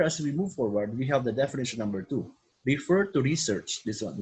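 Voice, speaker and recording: A man's voice: mid-range voice, a little hiss or hum, low-quality recording. A man, teaching a recorded online lesson and piling up synonyms as he explains. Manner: repetitive, piles up synonyms, code-switches into Tagalog.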